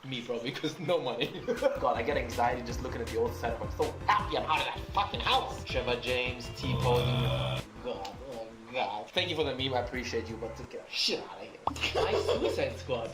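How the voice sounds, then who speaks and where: A man giving a casual, joking game review and reacting to fan art, animated and profane. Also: medium pitch, brisk, hardly any pauses. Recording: echoey room with music.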